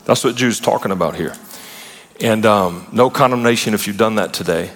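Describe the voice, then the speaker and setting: A man delivers a sermon in a relaxed, conversational way, slipping into animated asides and playful retellings. His voice sits fairly low. Long reverb from a large hall trails after each phrase. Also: normal speed. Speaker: preacher.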